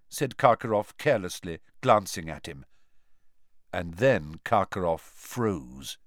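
A man narrating an audiobook with expressive storytelling, shifting voices for the characters. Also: fairly low pitch, no room sound, clean studio sound.

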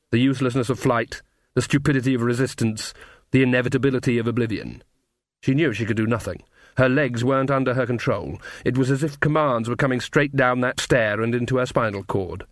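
A man narrating an audiobook in a measured, even way. His voice sits at a middling pitch and sounds dry and close, with no room around it. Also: no echo.

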